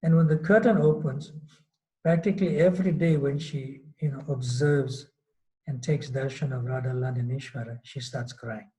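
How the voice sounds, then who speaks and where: Mellow-voiced man giving a relaxed sermon. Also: on the high side, moderate pace, poor audio. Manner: loose, storytelling with many fillers and restarts. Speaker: swami giving a scripture class. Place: temple hall.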